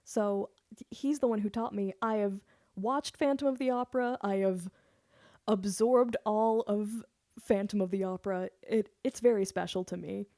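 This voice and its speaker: A woman's voice: mid-range voice, normal speed, mellow, no room sound, studio quality. A woman singer chatting casually on her live stream, giggly and loose, swearing now and then.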